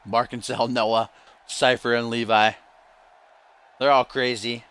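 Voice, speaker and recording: A man's voice: medium pitch, flat delivery, takes it slowly, a bit bright, clean tone. A young man streaming, doing play-by-play commentary on a video game match and joking back and forth with his chat. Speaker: livestream commentator.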